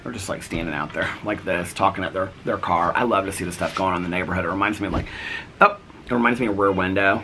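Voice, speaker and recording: Deep, bright, and forceful, this vlogger's voice moves at a quick pace over slight background noise. The middle-aged man chats casually from his front porch in a daily vlog, retelling his day through quoted back-and-forth dialogue.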